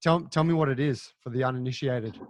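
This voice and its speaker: A male podcast host asking relaxed, curious questions with some hesitant restarts. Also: mid-range voice, brisk, no room sound, studio quality. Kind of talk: interview questions.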